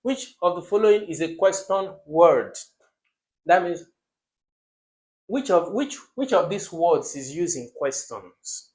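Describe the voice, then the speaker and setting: Animated male teacher. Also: high voice, takes it slowly. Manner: asks the pupils questions and answers them himself; animated, jumps to loud emphasis on key words. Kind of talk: exam prep lesson.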